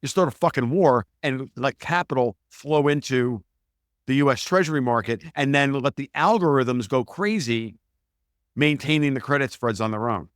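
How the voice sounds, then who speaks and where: Man, podcast guest, emphatic, profane, middle pitch, dry close sound. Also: no room sound. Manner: emphatic, profane, rapid digressions. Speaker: guest analyst. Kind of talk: animated podcast interview.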